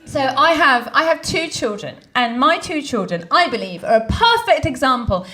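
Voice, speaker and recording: A woman comedian telling stand-up stories, lively and quick to act out the quotes. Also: high voice, faint music behind. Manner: lively storytelling, acts out quotes.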